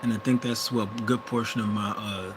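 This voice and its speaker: A man's voice: fairly low pitch, fairly even intonation, fairly quick. A young man from the US Midwest with a Wisconsin accent, talking in a hesitant, rambling monologue full of restarts and self-corrections. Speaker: vlogger. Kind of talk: casual monologue. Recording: vehicle noise in the background.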